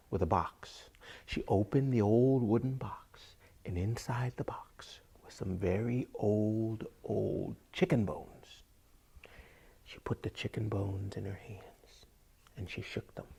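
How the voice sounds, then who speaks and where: A man's voice: lowish voice, vocal fry, warm tone, breathy edge. A man telling a folk tale to listeners, drawing out phrases, repeating words and dropping to whispers. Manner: drawn-out, repetitive, dips into whispers. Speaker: storyteller.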